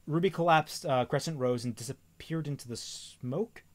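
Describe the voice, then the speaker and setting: A man's voice: fairly high pitch, moderate pace. A man reading a novel aloud on a stream, often stumbling and correcting himself, with wry asides.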